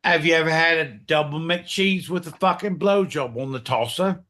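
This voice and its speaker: A man voicing a brash, vulgar British woman at a late-night fast-food counter, in a mocking put-on accent. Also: a little high, bright, forceful tone, pitched above the performer's own voice.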